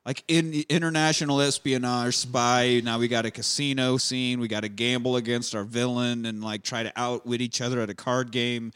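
A man's voice: medium pitch, flat delivery, moderate pace, hardly any pauses, a bit bright, smooth. A man hosting a movie podcast, joking and swearing as he recaps the plot. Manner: joking, profane, drives the recap. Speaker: podcast host reviewing a movie. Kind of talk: casual chat.

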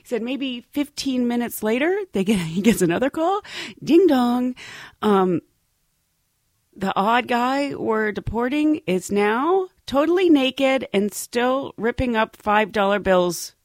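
A woman spinning airline and travel tales, laughing as she goes. Her pitch jumps around a lot as she tells the story. The sound is dry and close, with little room echo. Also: lively intonation, slow. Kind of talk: casual storytelling.

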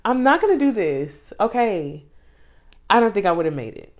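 Woman, podcast host, lively pitch, emotional testimony talk. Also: normal speed, highs cut off. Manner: emotional, animated, testimony-style storytelling. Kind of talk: casual faith chat.

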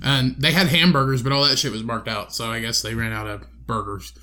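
A young man co-hosting a podcast, telling a profane, animated story in casual chat and acting out the quotes. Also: medium pitch, brisk. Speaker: podcast co-host.

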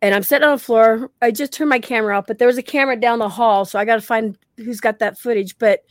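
A woman with a slightly high voice tells her ghost stories with lively energy, jumping into the voices of the people in them. She is recorded close and dry, with no room sound. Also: dry recording. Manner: animated storyteller, acts out quotes, laughs often. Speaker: guest paranormal investigator. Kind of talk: casual podcast chat.

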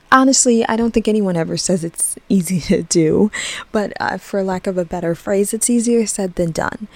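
This is a young woman with a slightly low voice, hosting a podcast in a loose, chatty way. Her talk is full of "like" and "um", and she laughs lightly and swears now and then. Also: gravelly. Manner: casual, with occasional swearing. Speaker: podcast host. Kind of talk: casual podcast chat.

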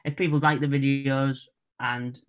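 A man with a Northern English accent, talking as a comedian guest in a casual podcast interview. His voice sits at an ordinary middle pitch, and he talks in a chatty, rambling, self-deprecating way. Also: level tone, a little slow, clear, resonant tone.

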